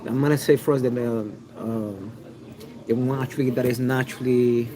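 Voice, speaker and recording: A man's voice: mid-range voice, steady tone, moderate pace, a crowd in the background, low-quality recording. A man with a mixed New York City accent giving a rambling, opinionated talk on a livestream, full of restarts and fillers. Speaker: online video host.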